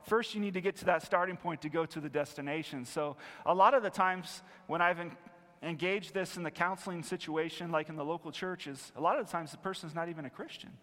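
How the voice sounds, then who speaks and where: A man teaching a sermon in an earnest, emphatic way, repeating key phrases and moving between loud and quiet. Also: fairly high pitch, a little fast. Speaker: preacher and biblical counselor. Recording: long hall reverb.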